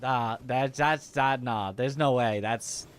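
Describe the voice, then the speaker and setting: A man's voice: medium pitch, takes it slowly, slight background noise. A young man streaming a game, chatting casually with his chat, laughing often and musing aloud about how words are pronounced. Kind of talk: casual livestream chat while gaming.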